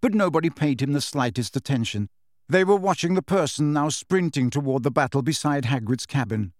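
A man reading an audiobook aloud in a measured, expressive way. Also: medium pitch, no room sound, studio quality. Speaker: audiobook narrator. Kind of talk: scripted narration.

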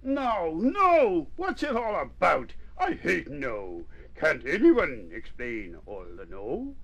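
A man's voice: mid-range voice, wildly swooping pitch, slow pace, creaky, a bit bright, slight background noise, exaggerated voice. A man voicing a small whining young male mouse in a storybook reading, plaintive and given to cries. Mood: distressed.

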